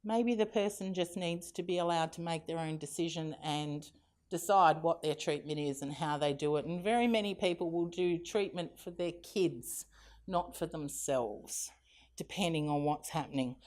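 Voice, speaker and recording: A woman's voice: low-pitched, moderate pace, darkish tone. A middle-aged Australian woman giving a keynote talk, telling funny family anecdotes in a chatty way and acting out the quotes, with frequent laughter. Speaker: keynote speaker. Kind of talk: conference keynote storytelling.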